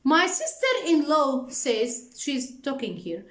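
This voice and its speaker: Woman English teacher, high and lively voice, unhurried delivery, keeps checking in with the class; echoey room. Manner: repeats points and checks understanding with "okay?". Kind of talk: explaining a reading text to students.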